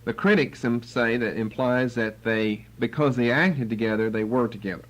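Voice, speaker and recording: A man's voice: medium pitch, normal speed, rough recording. A man teaching the Bible verse by verse, acting out the quotes with sarcasm. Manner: animated, acts out quotes with sarcasm.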